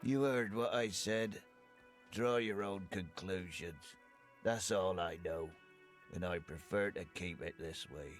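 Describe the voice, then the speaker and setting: An actor playing a sleepy, evasive union dock worker in a video game, talking in a laconic, dismissive way. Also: male voice, low voice, takes it slowly, soft background music.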